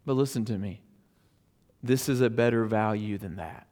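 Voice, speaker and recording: A man preaching a sermon in a conversational, storytelling way, with loud emphatic peaks that drop to hushed near-whispers. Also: lowish voice, moderate pace, long reverb tail. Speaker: pastor.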